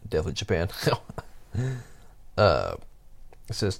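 A man reading stories aloud and commenting on them, with halting asides and chuckles. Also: sits low, expressive.

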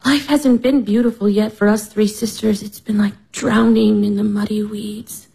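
A woman's voice: medium pitch, steady tone, normal speed, creaky, slightly rough, rough recording. An actress in her twenties playing a wistful, restless young woman longing for purpose, in a radio drama. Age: 20s. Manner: soft and brooding.

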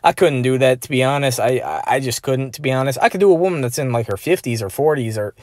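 In a clean, dry studio recording, a man talks fast in a mid-range voice. He vlogs a rambling personal monologue, crude and profane, stuffed with filler phrases.

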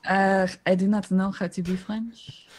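A woman playing in a tabletop game, impulsive and quick to laugh. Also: medium pitch, level tone, darkish tone. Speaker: player.

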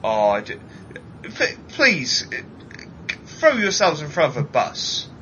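Animated, bright-voiced man ranting. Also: slow pace, lo-fi sound, slight background noise. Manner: animated ranting, mocking mimicry in high voices. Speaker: podcast co-host. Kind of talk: casual chat.

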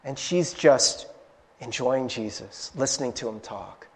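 In a church sanctuary with the long reverb of a large hall, a male pastor preaches a sermon in an animated, conversational way, constantly asking "right?" His mid-range voice moves a little slowly.

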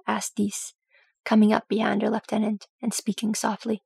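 Woman reading an audiobook with a gravelly voice. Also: mid-range voice, completely flat delivery, normal speed, darkish tone, dry recording. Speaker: audiobook reader. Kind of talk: fan fiction audiobook narration.

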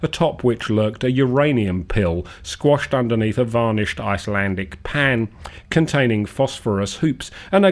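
A man hosting a radio show, feeling unwell, reading long absurd lists in a dry, measured deadpan. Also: mid-range voice.

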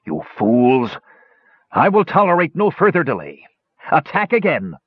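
A man voicing a cruel hunchbacked dwarf sorcerer commander who barks insults and orders in a shrill, sneering voice, in an audiobook. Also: wildly swooping pitch, normal speed, husky, no room sound, muffled recording, full character voice. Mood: furious. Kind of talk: audiobook character voice.

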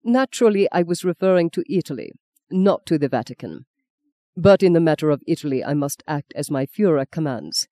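A reader voicing a stern, formal German general who speaks in a measured way. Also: medium pitch, lively intonation, warm tone, natural voice.

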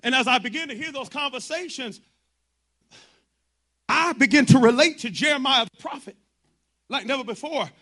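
A man's voice: extremely high pitch, moderate pace, long pauses, bright, forceful tone. A man preaching a sermon to his congregation, impassioned and colloquial, driving his points home through repetition.

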